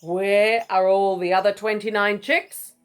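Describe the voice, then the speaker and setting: A woman's voice: mid-range voice, sing-song, normal speed, a little mellow, slightly rough. Lady doing a stern mama emu, kinda bossy. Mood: cross. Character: stern mother emu, cross then proud.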